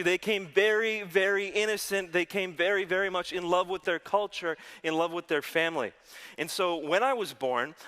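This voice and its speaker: A young American man giving an earnest, gently humorous testimony talk that includes a prayer. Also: fairly high pitch. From United States. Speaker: Christian speaker giving testimony. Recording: long hall reverb.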